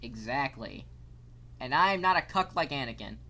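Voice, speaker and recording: Animated young man streaming, cursing. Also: mid-range voice, normal speed, noisy background. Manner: excitable, swears often, swings from mock calm to yelling. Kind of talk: casual live-stream banter.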